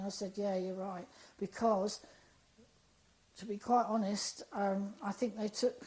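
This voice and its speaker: A woman, an interview guest, telling a personal story in a lively, animated way and acting out the dialogue she quotes. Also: medium pitch, normal speed, rough recording.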